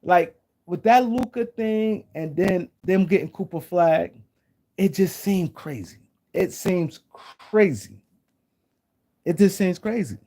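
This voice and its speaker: Mellow-voiced man ranting on a live stream. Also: high-pitched, expressive, slow pace. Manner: rambling, repeats himself, speaks to chat viewers. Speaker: sports talk show host. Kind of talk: casual live-stream commentary.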